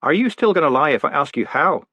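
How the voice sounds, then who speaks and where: A man voicing a sharp, sardonic young woman with a dry, teasing way of speaking. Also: fairly high pitch, expressive, fast, slightly rough, dry recording, voice pushed up, heavily acted.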